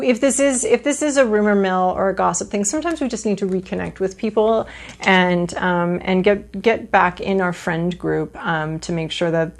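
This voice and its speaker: A woman talks through a tarot reading in a loose, casual way, circling back with fillers and restarts and tossing in playful asides. Her voice has a gravelly edge. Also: mid-range voice. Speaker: tarot reader.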